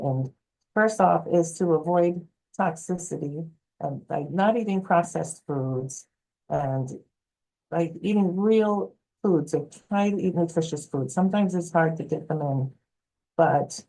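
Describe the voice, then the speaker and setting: Lady health coach telling stories, mellow lowish voice, gets animated. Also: unhurried, vocal fry, low-quality recording. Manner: animated, acts out quoted voices. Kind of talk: storytelling interview answer.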